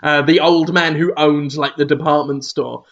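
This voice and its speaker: A British man with a high voice rambles through crude, sardonic banter. His delivery is casual and comedic, and the recording sounds dull and lo-fi. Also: fairly even intonation, normal speed, fairly bright tone.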